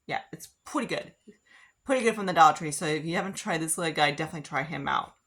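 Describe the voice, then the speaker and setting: A woman's voice: low-pitched, quick pace, a bit bright. A woman rambling through a casual get-ready-with-me makeup chat, full of "like" and fillers. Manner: rambling, filler-heavy, frequent "like". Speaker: beauty vlogger.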